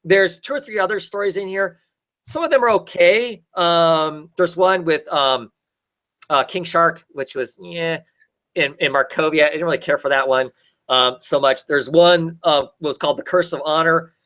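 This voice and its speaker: A man's voice: a little high, moderate pace, fairly bright tone. A man in a casual chat, rambling through a comic story with lots of fillers and restarts. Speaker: podcast co-host.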